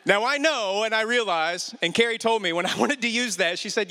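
A man preaches a sermon, weaving a family story into emphatic appeals to his listeners. His voice is bright and forceful and sits a little higher than most men's. A long hall reverb trails behind every phrase. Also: fairly quick, hardly any pauses. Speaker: pastor.

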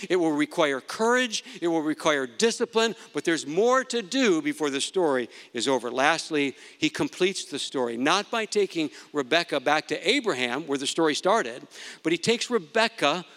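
A man delivers a storytelling sermon, his tone bright and forceful. He acts out the quoted lines with large swings in his voice. A long hall echo trails behind every phrase. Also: fairly high pitch. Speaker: preacher.

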